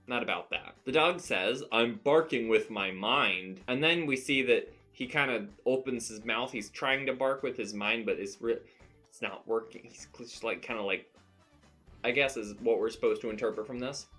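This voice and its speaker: A man casually reviews comic strips, rambling and laughing at his own readings of them. His mid-range voice is pushed and bright at a moderate pace, with soft music in the background.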